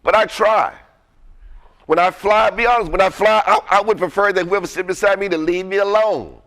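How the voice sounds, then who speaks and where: A man's voice: high-pitched, normal speed, fairly bright tone. A man giving an interactive motivational lecture, energetically quizzing the audience with fill-in questions. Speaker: workshop presenter.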